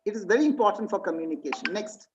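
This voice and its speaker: A woman's voice: medium pitch, expressive, racing, a little hiss or hum. Woman presenting a webinar, slightly muffled. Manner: quizzes listeners, reads out slide points. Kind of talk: interactive online presentation.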